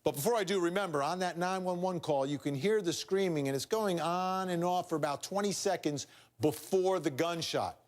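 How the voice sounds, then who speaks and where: A man hosting a studio legal talk show, briskly putting questions to guests and a mock jury. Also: high voice. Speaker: TV host.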